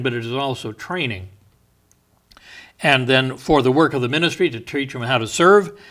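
Guy pastor preaching in church, chatty, slows way down on scripture, chuckles now and then, mid-pitch voice. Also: fairly bright tone. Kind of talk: sermon.

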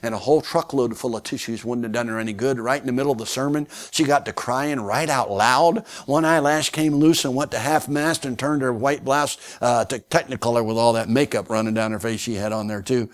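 A man preaching as a guest speaker, telling a story in a folksy, animated way with many fillers. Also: mid-range voice, a little fast, few pauses. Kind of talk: sermon storytelling.

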